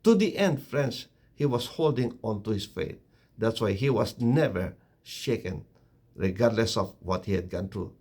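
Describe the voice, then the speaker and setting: Husky-voiced man preaching with lively pitch. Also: unhurried. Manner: earnest, rising emphatic pitch on key words. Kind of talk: short devotional sermon.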